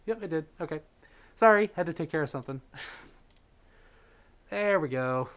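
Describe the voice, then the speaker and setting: A man's voice: fairly high pitch, expressive, normal speed, long pauses, fairly bright tone, smooth. Chatty man hosting a livestream. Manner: chatty, thanks donors, many fillers. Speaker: livestream host. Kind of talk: casual chat with viewers.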